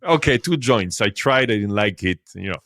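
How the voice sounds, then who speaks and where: A French-accented man in his fifties, a podcast guest telling a story in an animated way. His voice rises and drops sharply as he laughs and gets excited. The sound is dry and close, with no room around it. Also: fairly low pitch, normal speed, dry recording. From France. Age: 50s. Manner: animated, laughs often, swings between loud and quiet. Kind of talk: casual storytelling.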